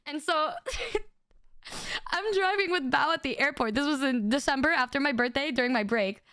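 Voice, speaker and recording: A young woman streamer telling a funny story in casual chat, animated and laughing often, with quick stammers and restarts. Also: no room sound, studio quality. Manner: acts out friends' lines in quick high bursts. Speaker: VTuber streamer.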